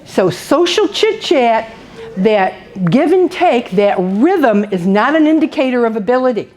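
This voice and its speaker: Lively woman leading a workshop. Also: a little high, a little slow, slight background noise. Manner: animated storyteller, acts out quotes, laughs often. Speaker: dementia care trainer. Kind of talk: workshop presentation. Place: indoor workshop room.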